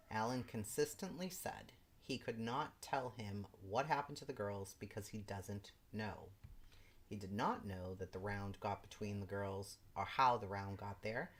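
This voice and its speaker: This livestream host is a woman with a very deep voice who reads through a legal brief and keeps interrupting herself with disbelieving, exasperated comments. There's a bit of background noise.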